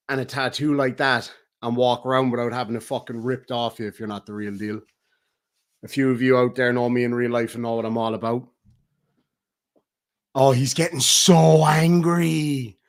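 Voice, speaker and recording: A middle-aged Irish man ranting on a livestream, profane and taunting, swinging between loud outbursts and low mutters. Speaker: streamer. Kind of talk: heated livestream rant.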